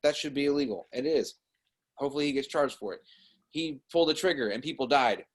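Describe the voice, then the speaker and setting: A man's voice: mid-range voice, quick pace. A man co-hosting a casual podcast who rants in an exasperated, emphatic way. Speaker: podcast co-host.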